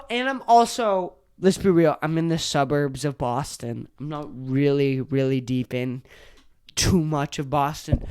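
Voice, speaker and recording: A young adult podcast host giving an angry, profane rant on a solo episode, sometimes breaking into shouts. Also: mid-range voice, clean tone.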